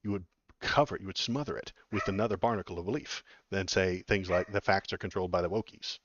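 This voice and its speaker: Low-voiced, rambling man from Texas. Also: quick pace, highs cut off, a little hiss or hum. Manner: rambling and blunt, with many fillers and restarts. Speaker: political livestream host. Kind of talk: casual livestream commentary answering chat.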